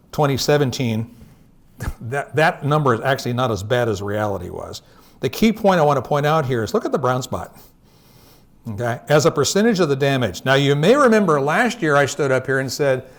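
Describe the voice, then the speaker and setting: A man giving a live slide presentation to growers. He talks in a conversational way, tells stories from the field and keeps checking in with "okay?". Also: mid-range voice. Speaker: industry presenter.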